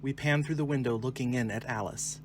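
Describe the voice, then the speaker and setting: A man narrating the stage directions of a screenplay reading in a clear, measured way. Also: medium pitch, slight background noise.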